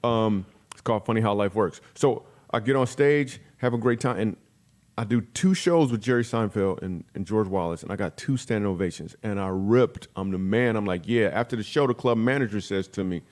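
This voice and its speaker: Fast-talking man telling comic stories. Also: on the low side. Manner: animated storyteller acting out quoted voices. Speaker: guest comedian. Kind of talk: storytelling in a podcast interview.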